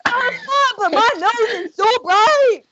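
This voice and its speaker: A woman doing a loud, dim young reindeer. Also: very high voice, takes it slowly, lo-fi sound, very noisy, voice pushed up, exaggerated voice. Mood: brash. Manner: loud and excitable. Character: young male reindeer, brash and dim-witted.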